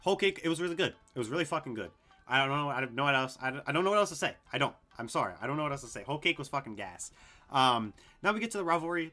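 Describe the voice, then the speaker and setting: A young man casually ranking anime story arcs, excitable and rambling, swearing a lot and full of fillers. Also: fairly high pitch. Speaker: anime video host.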